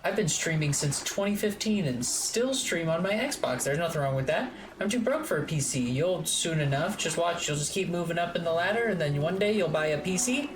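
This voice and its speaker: Low-voiced woman chatting on stream. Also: lively intonation, fairly quick, hardly any pauses, noisy background. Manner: chatty and rambling, swears freely. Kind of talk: casual chat while gaming. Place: home streaming room.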